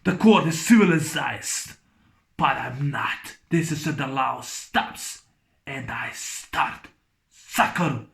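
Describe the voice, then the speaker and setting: Guy putting on a deep gravelly tough cop voice, slow and menacing, short one-liners. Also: lively intonation, fairly bright tone, exaggerated voice. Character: grim, laconic tough-guy cop, adult male.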